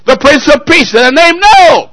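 A married man preaching a sermon, firing call-and-response questions at the congregation and swinging between loud exclamations and quiet asides. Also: very high-pitched, expressive, moderate pace, dry recording, low-quality recording. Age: adult, married.

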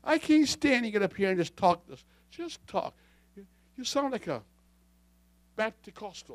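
Fiery high-voiced male preacher. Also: sing-song, unhurried, no echo. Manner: fiery, swings from low asides to shouting. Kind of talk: sermon.

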